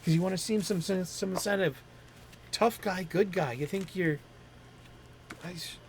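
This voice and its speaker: A man's voice: high-pitched, measured pace, slight background noise. A middle-aged man hosting a comics talk stream, chatting in a rambling, enthusiastic way that often stops to correct itself. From Boston area. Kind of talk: casual rambling chat.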